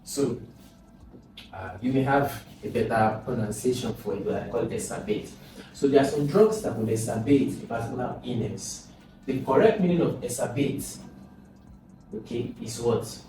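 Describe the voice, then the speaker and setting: A male exam tutor speaks at normal speed with a dark, medium-pitched voice, breaking things down step by step, repeating words, and raising questions aloud in a recorded lesson. Soft music plays under the audio, which comes from a distant mic in a very echoey, noisy room.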